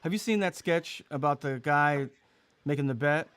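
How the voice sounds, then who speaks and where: A man's voice: fairly high pitch, moderate pace, a bit bright, smooth, dry recording. A man hosting a casual comedy chat, telling stories and laughing often. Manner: chatty storyteller, laughs often.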